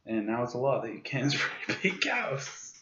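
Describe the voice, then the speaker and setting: A man's voice: medium pitch, sing-song, moderate pace, pushed and bright. A young man, a podcast guest who jokes and trades puns in casual chat. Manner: joking, pun-loving, giggly. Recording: echoey room, dull lo-fi audio.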